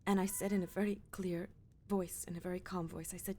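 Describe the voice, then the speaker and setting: A woman's voice: lowish voice, little pitch movement, brisk, warm tone, slight background noise. A woman speaking in character as a town leader in a roleplay, hesitant and stammering, often trailing off.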